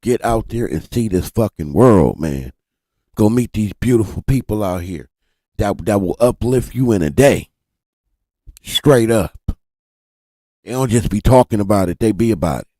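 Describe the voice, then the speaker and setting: A man's voice: lowish voice, moderate pace, long pauses, dry recording, clean studio sound. A man hosting a live stream, talking animatedly to his chat in a casual, profane way. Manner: animated, swears freely, addresses chat directly. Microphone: desk mic.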